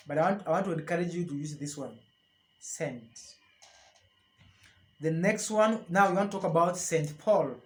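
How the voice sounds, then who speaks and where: Man, sign language teacher, slow and deliberate, slightly high voice, repeats each word. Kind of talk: instructional explanation.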